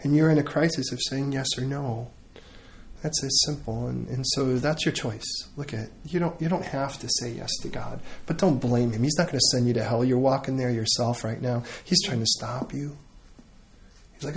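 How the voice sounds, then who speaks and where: A middle-aged man preaching a sermon and leading a closing prayer, in an earnest, conversational way with frequent pauses and restarts. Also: mid-range voice, a little hiss or hum. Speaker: pastor.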